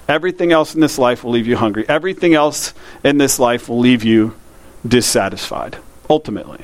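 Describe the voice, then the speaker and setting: A man's voice: mid-range voice, animated, dry recording. Man preaching with a dry sound. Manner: conversational preaching, slows down to read scripture. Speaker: pastor. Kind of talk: sermon.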